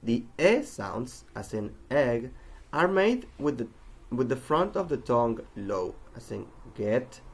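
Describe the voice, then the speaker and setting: A man's voice: medium pitch, very animated, takes it slowly, slightly rough. A man giving a pronunciation lesson, carefully enunciating example words one at a time. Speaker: pronunciation teacher.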